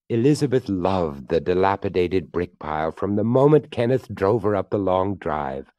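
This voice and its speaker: A man narrating a ghost story in a theatrical reading, slowing and hushing for suspense. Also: deep voice, animated, no room sound, clean studio sound.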